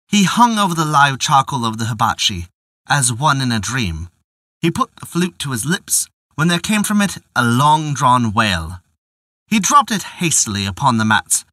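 A man narrating a folk tale in a measured, old-fashioned storytelling manner. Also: mid-range voice, bright, forceful tone, dry recording, clean studio sound.

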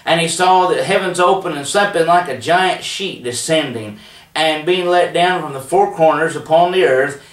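A man teaching a televised Bible study in a plainspoken, folksy way, with frequent fillers and restarts. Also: fairly high pitch. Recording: roomy echo, voice a bit distant from the mic.

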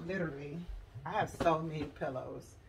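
A chatty woman in her forties with a low voice talks casually to her viewers at home. She keeps calling them y'all and girl as she goes. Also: normal speed, creaky, very noisy. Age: 40s. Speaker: lifestyle vlogger. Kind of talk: casual chat to camera. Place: at home, decorating a room.

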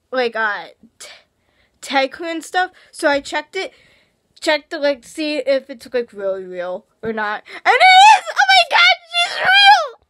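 A young woman vlogging in casual chat, rambling with restarts and gushing with excitement. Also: high voice, no room sound. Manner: excitable, gushing, shrieks when thrilled.

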